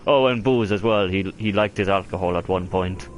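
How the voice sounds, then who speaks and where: A man's voice: sits low, normal speed, background noise. A man streaming a video game, talking over it with crude, mocking banter. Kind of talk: profane gameplay commentary.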